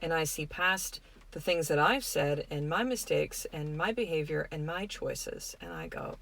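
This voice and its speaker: A middle-aged woman hosting a podcast, giving a gentle, earnest, reflective spiritual self-help talk. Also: low-pitched, sing-song, measured pace, creaky, hardly any pauses. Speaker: podcast host.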